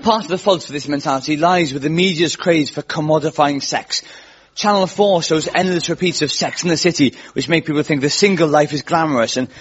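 Comedian guy, wry self-mocking stories, bit high voice, lo-fi live recording with audience laughing. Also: fairly quick, some chatter behind, slight background noise. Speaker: comedian host. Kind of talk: stand-up comedy monologue.

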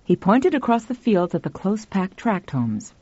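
A woman narrating a short story in a measured, expressive storytelling manner. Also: medium pitch, slightly rough, dry recording, lo-fi sound. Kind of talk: audiobook narration.

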